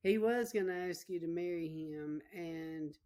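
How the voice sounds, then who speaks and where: Slow-talking woman preacher. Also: lowish voice, warm tone. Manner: folksy Southern-style storytelling, emotional. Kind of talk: sermon storytelling.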